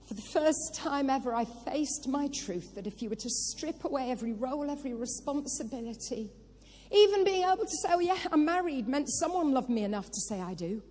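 A woman's voice: high voice, animated, fairly quick, slight background noise. A woman preacher giving a sermon, telling her own story and rising into impassioned, crying prophetic declarations. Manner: testimony building to impassioned prophetic cries. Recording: long hall reverb with soft music.

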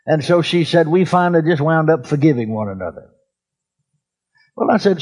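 Preacher guy, kinda husky voice, folksy sermon stories, a bit high. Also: lively intonation, a little mellow. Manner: folksy, drawn-out anecdotal preaching. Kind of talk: sermon storytelling.

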